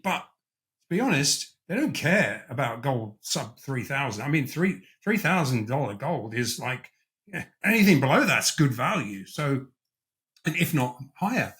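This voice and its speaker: A man's voice: a little high, big pitch swings, measured pace, fairly bright tone. A man hosting a conversational interview, emphatic and circling back to restate his point. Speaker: host.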